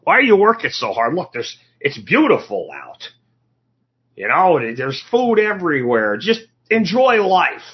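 A lazy, easygoing grasshopper, scoffing at anyone who works, voiced by a man telling a fable. He sounds a little higher than an ordinary speaking voice. The recording is dull and lo-fi. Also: huge pitch swings, measured pace. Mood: carefree. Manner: mocking, easygoing. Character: carefree lazy male grasshopper.

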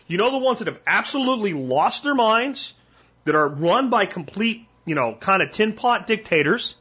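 An older man hosting a solo podcast, talking bluntly and emphatically in warning tones, with a husky voice. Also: high-pitched, expressive, normal speed, sharp tone, muffled recording. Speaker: podcast host.

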